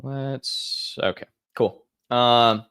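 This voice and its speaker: A man's voice: medium pitch, drawn-out words, a bit bright. A young man hosting a live question-and-answer stream, talking offhand with lots of fillers and restarts. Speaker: host answering viewer questions. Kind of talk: casual live Q&A.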